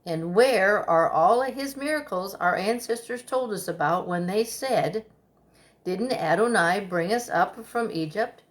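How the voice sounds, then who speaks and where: Woman reading scripture slowly. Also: mid-range voice. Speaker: scripture reader.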